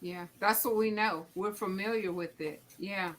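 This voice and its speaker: A woman's voice: medium pitch, moderate pace, fairly bright tone, slight background noise, low-quality recording. A woman hosting a casual conversation and speaking reflectively about personal experience. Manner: reflective, personal, acts out remembered dialogue. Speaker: host.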